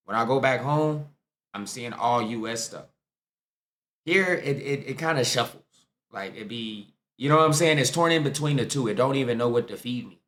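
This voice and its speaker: A man's voice: mid-range voice, normal speed. A young American man hosting a reaction video, chatting casually and playfully to his viewers as he comments on clips. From United States. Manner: animated, playful, talks to viewers as y'all.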